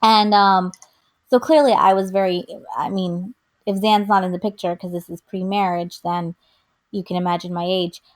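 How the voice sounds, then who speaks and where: Here a woman co-hosting a podcast speaks at medium pitch and a moderate pace. Her casual chat is animated storytelling, with quotes acted out and many fillers.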